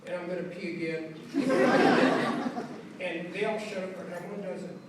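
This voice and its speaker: Older guy lecturing, acts out the voices, kinda high voice, far away in a big echoey hall. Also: normal speed, heavy background noise. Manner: animated storyteller, acts out voices and mixes in Spanish phrases. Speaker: author giving a lecture. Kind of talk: storytelling lecture.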